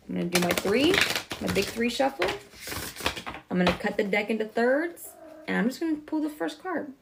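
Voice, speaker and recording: A woman giving a casual tarot reading to her viewers, talking fast and chatty, correcting herself as she goes. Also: medium pitch, creaky. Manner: talks fast, self-correcting, chatty and reassuring. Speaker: tarot reader.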